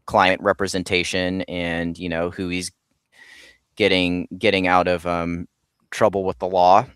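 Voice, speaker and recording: A man with a lowish, smooth, clear voice talks as a guest in a casual interview. He rambles along with lots of ums and restarts. The sound is dry and close. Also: little pitch movement, measured pace, fairly bright tone, no echo. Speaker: comic creator guest.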